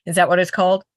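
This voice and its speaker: Low-voiced woman chatting on a video call. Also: no echo. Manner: searches aloud for names, restarts often. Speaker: quilter in an online group chat. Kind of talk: casual chat.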